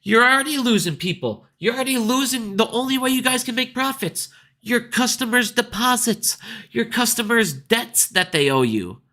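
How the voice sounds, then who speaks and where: A man's voice: very high-pitched, expressive, moderate pace, pushed and bright. A man hosting his own market video, ranting casually in a blunt, profane, scornful way. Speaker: stock market video host.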